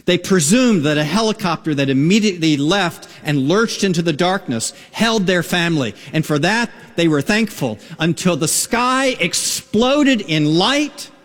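A man preaching a sermon, telling a story with dramatic pauses. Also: high-pitched, expressive, fairly bright tone. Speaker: pastor. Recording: radio broadcast with long reverb.

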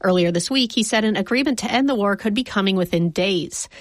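A woman files a news report in a crisp, even reportorial style. Her voice sits mid-range and the recording is dry and close. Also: medium pitch, brisk, dry recording. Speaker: correspondent.

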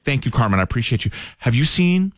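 A man's voice: medium pitch, big pitch swings, quick pace, no room sound, studio quality. A man hosting a morning radio call-in show, chatty and joking with callers.

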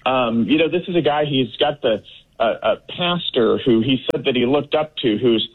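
A man's voice: mid-range voice, animated, moderate pace. A man from Texas, a guest in a political interview, talking in an emphatic, dismissive way with many fillers. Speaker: guest, congressman. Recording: phone-like remote line.

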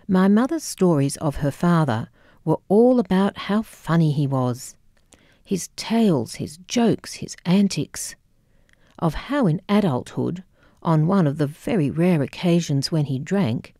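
Slow, low-voiced woman reading her memoir. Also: dark tone, no echo, clean studio sound. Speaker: memoir narrator.

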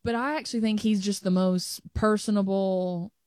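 A woman's voice: mid-range voice, steady tone, normal speed, mellow, clear, resonant tone, dry recording, studio quality. A young adult woman co-hosting a show, telling stories in a chatty way with frequent restarts. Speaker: co-host. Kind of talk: casual chat.

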